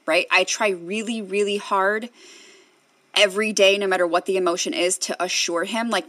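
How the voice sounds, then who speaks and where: A woman's voice: lowish voice, fairly even intonation, moderate pace, fairly bright tone, dry recording. A woman in her thirties, a therapist co-hosting a podcast, explaining ideas reflectively and checking in often with "right?", swearing casually. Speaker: podcast co-host. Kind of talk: casual chat.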